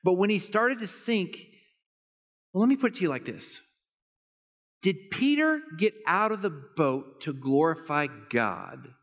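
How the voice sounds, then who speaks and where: Guy pastor preaching, gets real animated and high, slightly high voice, echo hanging in a big church hall. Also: a little slow. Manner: animated, rising to high excited emphasis. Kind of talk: sermon.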